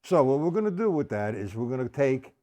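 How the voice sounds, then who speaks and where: A man's voice: mid-range voice, big pitch swings, fairly quick, dark tone. An older man teaching a live-streamed drum lesson, talking to viewers in the chat by name and explaining each exercise. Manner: talks to chat viewers by name, counts beats aloud. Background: drum kit.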